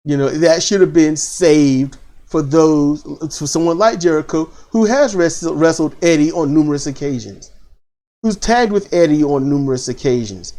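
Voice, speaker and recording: A man hosting a casual wrestling commentary, animated and opinionated, repeating phrases for emphasis. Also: on the high side. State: choked up.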